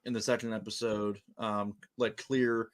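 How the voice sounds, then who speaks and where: A man's voice: fairly low pitch, level tone, unhurried. A man co-hosting a casual review chat, speaking hesitantly with repeated words and many fillers. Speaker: co-host reviewing an episode.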